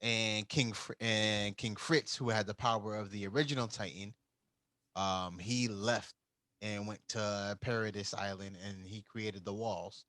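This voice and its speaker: A man's voice: on the low side, fairly even intonation, measured pace, sharp tone, dry recording, rough recording. A man co-hosting a podcast, casually recapping an anime plot and acting out the characters' lines. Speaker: podcast co-host.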